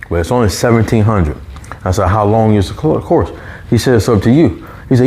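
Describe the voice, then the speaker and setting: Low-voiced man telling a story casually. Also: fast talker, a little hiss or hum. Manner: animated, raises pitch when quoting coworkers.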